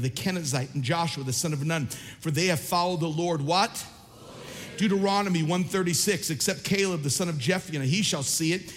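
High-voiced preacher in a reverberant hall. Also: male voice. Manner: impassioned preaching, shouting at peaks; reads scripture aloud, quizzing the listeners. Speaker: pastor. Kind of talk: sermon.

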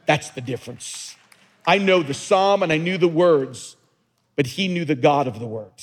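A man preaching a sermon as pastor to his church, rising into fervent, emphatic delivery. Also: moderate pace. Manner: builds to loud, high-pitched preaching fervor. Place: church sanctuary. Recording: long reverb of a church hall.

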